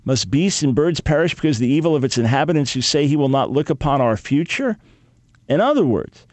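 Animated older man preaching, dry sound. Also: fairly high pitch, fairly quick, no room sound. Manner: animated, acts out dialogue with God. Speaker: Bible teacher. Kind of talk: sermon with Bible readings.

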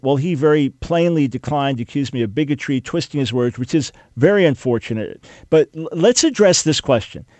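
A man's voice: fairly high pitch, moderate pace, a little mellow, no room sound. Emphatic male talk radio host. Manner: emphatic, earnest, preacher-like cadence. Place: radio studio. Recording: dry studio mic.

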